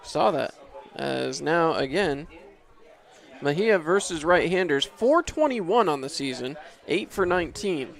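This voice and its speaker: A man's voice: fairly high pitch, animated, a little slow, gravelly. A man calling baseball play-by-play from an outdoor ballpark booth, easygoing and chuckling, his voice rising sharply on big hits. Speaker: play-by-play announcer.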